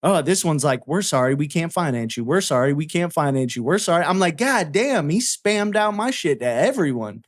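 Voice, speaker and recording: Profane, animated man telling a story. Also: on the high side, normal speed, hardly any pauses. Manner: profane, animated storyteller acting out both sides. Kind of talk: casual storytelling chat.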